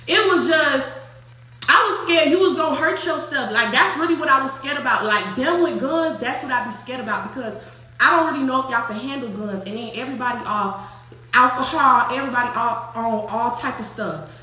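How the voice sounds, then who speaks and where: Animated high-voiced woman telling a story. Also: a little fast, very echoey. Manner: animated, profane, laughs often, acts out quotes. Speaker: storyteller recounting a personal story. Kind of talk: casual storytime chat.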